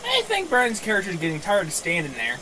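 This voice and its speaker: A man jokes and laughs through a casual gaming stream, his voice pitched a little high and swinging widely. Noise hums in the background of his room. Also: huge pitch swings, fast, low-quality recording. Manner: giggly, playful, loud outbursts. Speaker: streamer playing a golf game.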